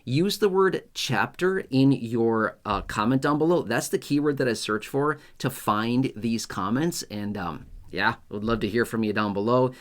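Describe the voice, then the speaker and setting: A man's voice: medium pitch, moderate pace, few pauses. A man hosting his own video channel, talking straight to his viewers in a chatty, repetitive and emphatic way. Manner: chatty, repetitive, emphatic, acts out skits in raised voice. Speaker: YouTube host. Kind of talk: casual direct-to-camera talk.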